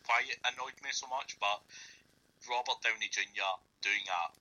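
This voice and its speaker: A man's voice: medium pitch, normal speed, bright, forceful tone, low-quality recording. A man co-hosting a podcast, rambling loosely about a film and swearing casually. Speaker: podcast co-host. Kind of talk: casual film review chat.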